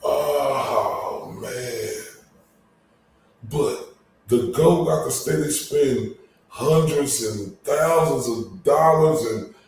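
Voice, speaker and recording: An online commentator, a man with a fairly high, slightly mellow voice, rants angrily at a slow pace, cursing heavily and dragging out his complaints. The recording sounds like a very echoey room, with him far from the mic and faint noise in the background.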